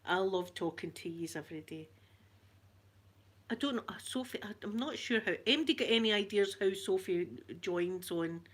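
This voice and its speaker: A woman's voice: medium pitch, normal speed. A woman with a broad Glaswegian accent, hosting a casual live-stream chat, greeting viewers by name and laughing often. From Scotland. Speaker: ASMR channel host.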